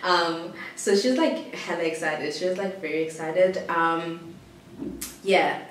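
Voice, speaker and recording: A woman's voice: lowish voice, measured pace. Giggly young woman in a roomy echo. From South Africa. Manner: rambling, giggly, many "like" fillers. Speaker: vlogger. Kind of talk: casual storytelling to camera. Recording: roomy echo, distant mic, faint hiss.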